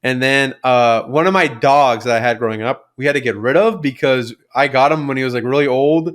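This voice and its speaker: A young man co-hosting a podcast tells childhood stories in casual chat, speaking briskly with a mid-range, fairly bright voice. His rambling delivery is full of fillers and swearing.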